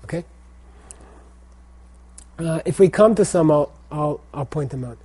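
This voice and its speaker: A middle-aged teacher of Tibetan language and Buddhist texts lectures on pronunciation in a fairly high, mellow voice with a breathy edge. He is expressive and speaks a little slowly, regularly repeating phrases and asking his students "okay?".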